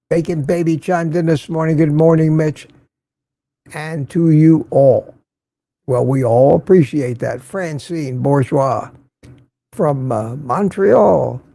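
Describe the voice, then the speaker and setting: A man's voice: fairly high pitch, mellow, dry recording. An older man hosting a casual morning livestream, chatting and greeting viewers by name as he reads their comments. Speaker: livestream host.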